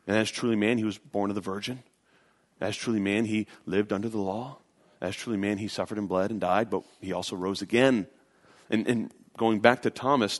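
A man's voice: on the low side, husky. An earnest male pastor delivering a sermon from the pulpit. He talks in an emphatic way, circling back over phrases to drive a point home. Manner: earnest, emphatic preaching with repetitions.

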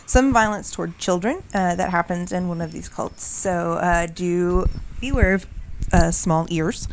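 A woman's voice: lowish voice, unhurried, slight background noise. A woman co-hosting a podcast, explaining in casual chat with many restarts and fillers. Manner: rambling, frequent restarts and fillers. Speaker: podcast co-host.

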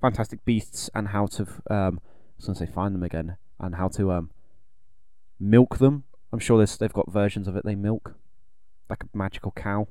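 Rambling man with a low voice. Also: fairly even intonation, normal speed, warm tone, clean tone, no echo, clean studio sound. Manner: rambling, jokey, trails off mid-thought. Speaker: podcast co-host. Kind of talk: casual chat.

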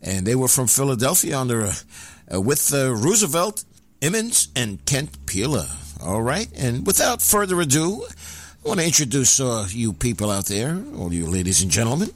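Lively-voiced male radio DJ. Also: mid-range voice, normal speed. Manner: chatty and rambling, with many fillers and restarts. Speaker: radio show host and DJ. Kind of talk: casual radio announcing.

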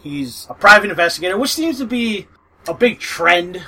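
Bright-voiced man rambling casually. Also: high voice, very animated, normal speed, breathy edge, rough recording. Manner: rambling, lots of fillers and profanity, laughs often. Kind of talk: casual book recommendation chat.

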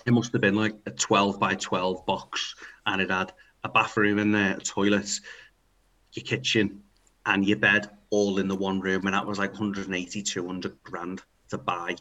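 A man's voice: sits low, flat delivery, normal speed, sharp tone, lo-fi sound. A man from the north of England, co-hosting a podcast in casual, rambling banter with plenty of swearing. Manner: rambling, sweary, laughs often. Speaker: podcast co-host.

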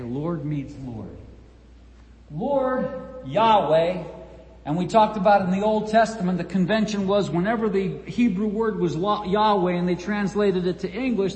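A man's voice: sits high, darkish tone, reverberant, in a large hall, slight background noise. A man preaching and teaching from the Bible, quoting scripture with dramatic emphasis. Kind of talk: Bible teaching at a church event.

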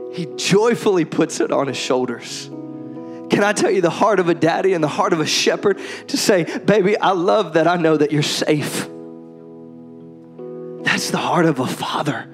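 A young adult man preaching as a pastor in a church, moving from calm talk to loud, impassioned preaching. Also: on the high side, normal speed, pauses often, music in the background. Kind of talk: sermon. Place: church hall.

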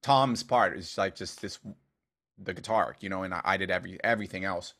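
Bright-voiced man telling animated stories. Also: low-pitched, fairly quick, gravelly. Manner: animated storyteller, heavy filler use, swears. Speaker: guest dubstep producer. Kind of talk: casual interview chat.

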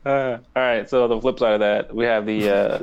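A man's voice: on the low side, fairly even intonation, clean tone, muffled recording. A man co-hosting a casual podcast, recapping a cartoon episode, often laughing and briefly mimicking characters. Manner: laughs often, retells scenes in quick character voices. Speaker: podcast co-host.

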